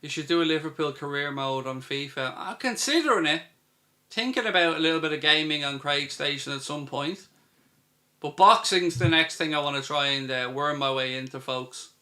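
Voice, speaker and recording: An Irish man with an Irish accent hosts a live football watchalong, chatting as he reads out viewer questions and answers them. His voice is fairly high, bright and forceful, at normal speed.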